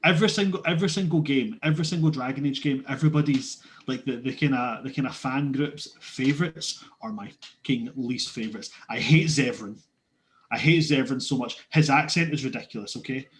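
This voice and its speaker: A man at a tabletop game rants about characters he dislikes, swearing and mocking as he goes. His pitch sits in the middle and his talk is loose, casual banter with frequent laughter. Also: fairly quick, slight background noise. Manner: ranting, profane, mocking, laughs often. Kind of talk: casual banter between players.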